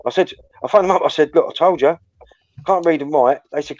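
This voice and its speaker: A man's voice: fairly high pitch, fast, a little mellow, no room sound. A middle-aged man, chatting casually, swearing freely, stumbling over words and laughing often. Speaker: participant in a group voice chat. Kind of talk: casual banter. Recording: dry, dull lo-fi audio.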